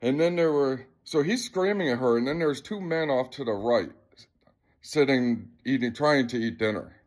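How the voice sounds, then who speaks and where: A man's voice: mid-range voice, moderate pace. A man vlogging to camera, retelling an incident in a rambling, agitated and profane way. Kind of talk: casual storytelling to camera.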